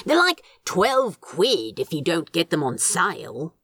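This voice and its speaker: A woman's voice: on the low side, huge pitch swings, unhurried, a bit bright, slightly rough, dry recording, studio quality, exaggerated voice. A woman voicing a sardonic male demon who talks in a blunt, dismissive drawl. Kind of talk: podfic reading.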